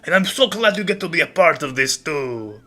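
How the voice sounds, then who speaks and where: A man's voice: on the high side, expressive, moderate pace, pushed and bright, pitched above the performer's own voice. A man voicing a big, cheerful, boisterous man who is overly friendly and smug. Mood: boastful.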